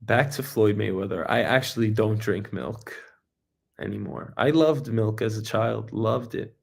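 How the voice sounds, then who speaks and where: A man in his thirties hosting his own show, talking in a rambling, jokey monologue with swearing and sudden loud bursts. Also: lowish voice, a little slow, gravelly. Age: 30s. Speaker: host. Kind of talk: casual solo monologue.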